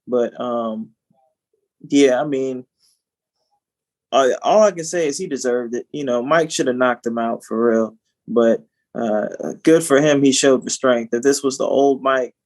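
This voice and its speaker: A man's voice: mid-range voice, measured pace, darkish tone. A man co-hosting a podcast in casual chat, rambling with lots of "you know" and repeated words. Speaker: podcast co-host.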